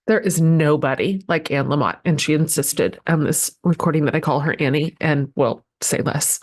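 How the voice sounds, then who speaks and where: A woman's voice: deep voice, moderate pace. A woman in her forties hosting a podcast, introducing her guest with gushing emotion and plenty of ums and restarts. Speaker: podcast host.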